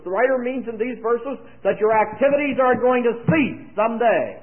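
A man's voice: extremely high pitch, fairly quick, hardly any pauses. A man preaching a sermon to young people at a conference, with dry humorous asides. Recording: tinny lo-fi, phone-like sound.

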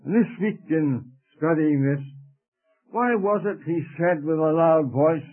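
A man preaching a sermon slowly and deliberately, drawing out the scripture he quotes. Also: on the high side. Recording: tinny phone-like radio broadcast.

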